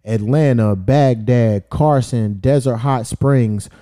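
A man's voice: mid-range voice, slow, mellow. A man hosting a casual podcast, talking loosely and swearing as he reads out where his listeners are. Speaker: podcast host. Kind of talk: casual chat.

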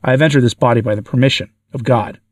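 A tormented demon in a spoken story, read by a man, shrieking and laughing in defiance. The pitch sits in the middle. The sound is dry and set back from the microphone. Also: fast, dry recording, natural voice. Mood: anguished. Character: tormented male demon forced to confess. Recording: dry, from far off the mic.

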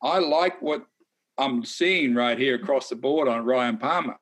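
A man co-hosting a casual golf betting chat, talking in a chatty, animated way with folksy asides. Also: medium pitch, a little slow. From Australia. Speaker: golf analyst co-host.

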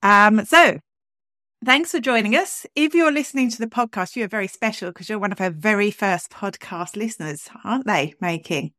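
A woman's voice: medium pitch, normal speed, bright, forceful tone, no echo, clean studio sound. A woman co-hosting a podcast in a chatty, upbeat way that often breaks into laughter. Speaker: podcast co-host. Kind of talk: casual chat.

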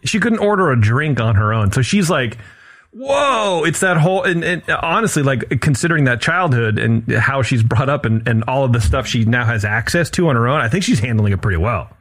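Male podcast host, casual chat, lively up-and-down pitch, laughs a lot, says "man". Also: brisk, few pauses. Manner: animated, laughs often, says "man" and "dude".

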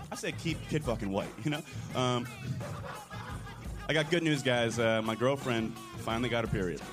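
A young man with a Philadelphia accent doing a laid-back stand-up set, mumbling and tagging lines with "you know what I'm saying". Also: medium pitch. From Philadelphia area. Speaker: stand-up comedian. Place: comedy club stage.

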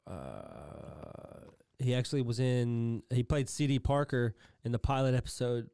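A man co-hosting a podcast, reading out film credits in a casual, halting way with many pauses and fillers. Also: mid-range voice, expressive, vocal fry, warm tone, clear, resonant tone, no room sound, studio quality. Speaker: podcast co-host. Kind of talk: casual chat.

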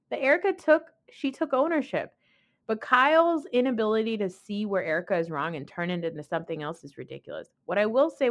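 A young adult woman hosting a podcast, giving a blunt, opinionated recap in casual commentary and swearing freely. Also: mid-range voice. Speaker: podcast host.

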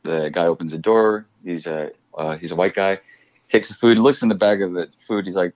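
A middle-aged actor telling stories in a casual interview, animated and quick to laugh. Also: male voice, sits low, lo-fi sound. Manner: animated storyteller, laughs often. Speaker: actor guest.

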